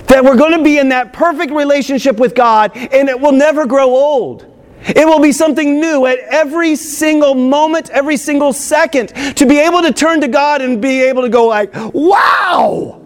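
A male priest giving an excited, emphatic homily in church, drawing out key phrases slowly. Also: very high-pitched. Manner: excited, emphatic preaching with slow drawn-out phrases.

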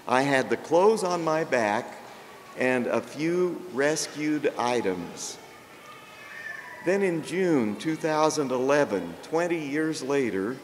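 An older man, a priest, preaching a sermon with jokes, told in a slow and gentle storytelling way. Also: mid-range voice. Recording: long reverb, faint background noise.

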